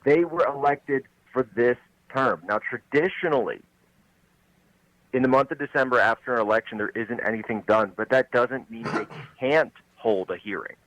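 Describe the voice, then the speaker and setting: A man's voice: medium pitch, normal speed, a bit bright, no echo, rough recording. A man from Pennsylvania, a guest on political talk radio, laying out his case intensely, point by point. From Pennsylvania, USA. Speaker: guest commentator.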